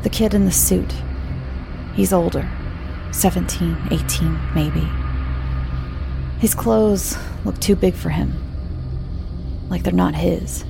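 A woman tells a dark first-person story in a low, unhurried voice with a gravelly edge. She often sinks into a near whisper. Music runs steadily under her narration. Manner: slow, low, hushed delivery with whispered stretches.

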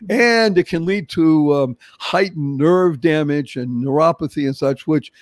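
A man's voice: on the high side, unhurried, no echo. A man from Boston with a Boston accent, hosting an interview show with emphatic, theatrical delivery that acts out little scenes. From Boston, Massachusetts. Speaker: podcast host. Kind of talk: enthusiastic interview introduction.

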